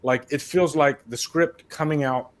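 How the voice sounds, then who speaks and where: A man's voice: fairly high pitch, fairly even intonation, measured pace. A man from Mississippi chatting about a movie in a casual panel, rambling and repeating words earnestly.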